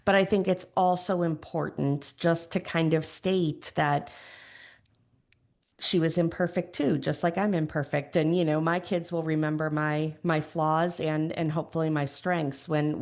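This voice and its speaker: A middle-aged woman with a Chicago accent, a podcast guest speaking reflectively and thoughtfully, often pausing to search for words. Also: low voice, steady tone. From Chicago area, USA. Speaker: podcast guest, grief educator. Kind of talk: reflective conversational interview.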